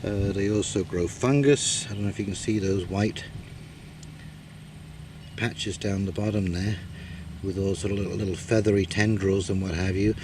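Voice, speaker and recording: A man casually talking through his garden work outdoors, pausing often with filler words as he explains. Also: low voice, background noise. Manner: rambling, many "uh" pauses, relaxed storytelling. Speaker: gardening vlogger.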